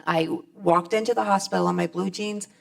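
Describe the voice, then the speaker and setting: A woman's voice: lowish voice, steady tone, a little fast, creaky. A middle-aged woman speaking on stage at a convention, giving a plainspoken, folksy personal testimony.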